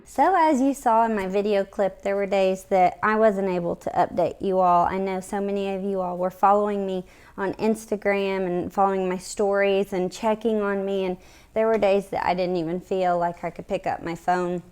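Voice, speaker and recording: A woman's voice: mid-range voice, steady tone, normal speed, a little mellow, smooth. A woman, vlogging casually and candidly to her viewers while short of breath. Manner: conversational, candid, chatty with fillers. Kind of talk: casual health vlog to camera.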